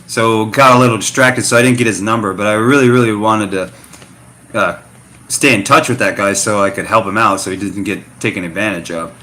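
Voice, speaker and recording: Slangy, bright-voiced American man vlogging. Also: fairly low pitch, brisk, slight background noise. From United States. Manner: slangy, animated storytelling with fillers. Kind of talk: casual rambling vlog talk.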